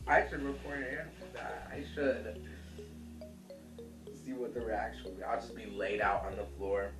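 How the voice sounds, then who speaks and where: A man's voice: on the low side, steady tone, normal speed, reverberant, far from the mic, music in the background. A man hosting a casual cooking vlog, chatty and sassy, who calls viewers honey and laughs easily.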